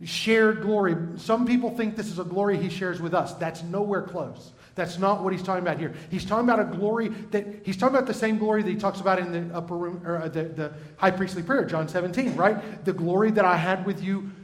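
A man preaches a sermon in a high, lifted voice. He talks in a conversational way and keeps turning to the congregation with questions and asides. The sound carries a roomy echo. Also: fairly quick, few pauses. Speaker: pastor.

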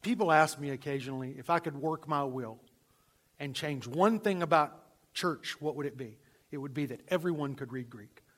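Dynamic preacher, loud then hushed. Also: male voice, fairly high pitch, moderate pace. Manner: dynamic preaching, swinging from loud emphasis to hushed near-whispers. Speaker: pastor. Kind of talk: sermon.

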